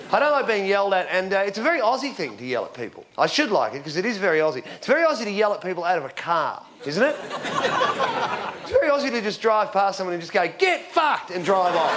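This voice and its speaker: High-voiced comedian in his forties, live crowd. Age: 40s. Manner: rambling deadpan storytelling with fillers and shouted punchlines. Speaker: stand-up comedian. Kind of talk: stand-up comedy routine. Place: comedy stage before a live audience. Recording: loud crowd laughter and applause, background noise. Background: audience laughing and clapping.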